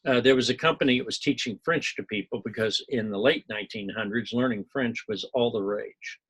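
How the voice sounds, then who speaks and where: Middle-aged male lecturer from Missouri, folksy and digressive, with a rough, breathy edge to the voice. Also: mid-range voice, fairly quick, a bit bright, poor audio. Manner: rambling, folksy, digressive with asides and small jokes. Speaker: university instructor. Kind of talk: recorded lecture commentary.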